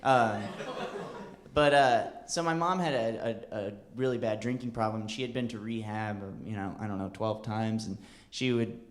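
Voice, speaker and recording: A male stand-up comedian telling a rambling story on a club stage, full of restarts and fillers. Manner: rambling, halting delivery with bursts into a high wailing child voice.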